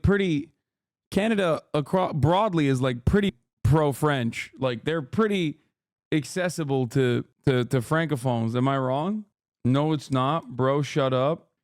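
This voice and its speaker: A man in his thirties talks through a reaction stream with blunt, profane mockery, now and then reading chat messages aloud. His voice sits a little high for a man and comes through smooth and clear. The sound is close and dry, with no room around it. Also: dry recording. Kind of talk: casual reaction commentary.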